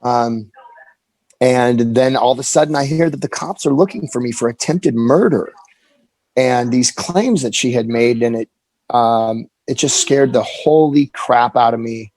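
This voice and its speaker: A man in his forties telling a candid personal story as an interview guest, earnest and halting, often restarting his sentences. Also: mid-range voice, darkish tone, dry recording, rough recording.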